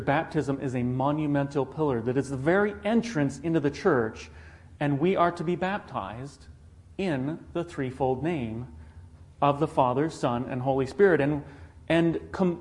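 A man's voice: a little high, darkish tone. Earnest man preaching a sermon. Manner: earnest, rhetorical questions to the congregation.

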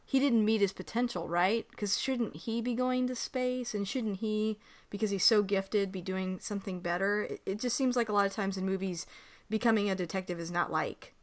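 A woman of middling pitch talks through a film, feeling her way toward her points. She hedges often and trails off mid-thought, thinking aloud rather than asserting. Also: moderate pace. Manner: tentative, hedging with "like" and "I don't know". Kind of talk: casual film discussion.

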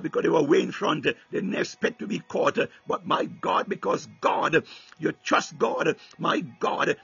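A man's voice: high-pitched, vocal fry, fairly bright tone, breathy edge, no echo, highs cut off. A man preaching a sermon with fervor, repeating "my God" and "hallelujah" between phrases and breaking into tongues.

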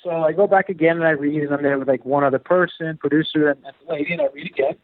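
A man telling an animated, filler-heavy story about his acting career, slipping into the voices of the people he quotes. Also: a little high, rapid-fire. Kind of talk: casual storytelling interview. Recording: dry, phone-like narrow sound.

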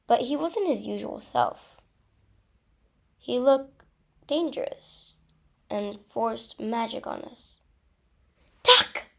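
A woman narrating her own first-person adventure story in a storybook reading. She reads slowly and expressively. Her voice sits a little high, with a gravelly fry. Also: animated, dark tone.

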